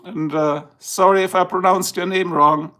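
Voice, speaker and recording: A man's voice: high voice, fairly even intonation, normal speed, a bit bright. A middle-aged man with a German accent, chatting casually and rambling on a livestream, just woken up. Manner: chatty, rambling, switches between English and German. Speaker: livestream host.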